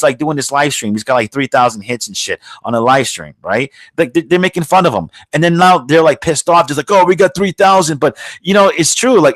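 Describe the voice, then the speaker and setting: A man's voice: a little high, a bit bright, no room sound. Heated, foul-mouthed male podcast host. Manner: heated, swearing constantly, rambling restarts. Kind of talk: profane political rant.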